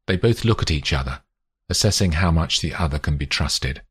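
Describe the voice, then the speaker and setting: A man narrating an audiobook in a measured, expressive way. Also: extremely low pitch, slightly rough. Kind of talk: scripted narration.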